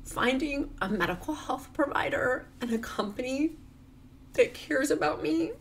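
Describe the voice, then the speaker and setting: A woman's voice: high voice, lively intonation, unhurried, creaky, a little hiss or hum. A middle-aged woman from rural Virginia, crying as she talks in a rambling, confessional vlog. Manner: tearful, confessional, rambling with many "like"s. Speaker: vlogger. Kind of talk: emotional personal vlog.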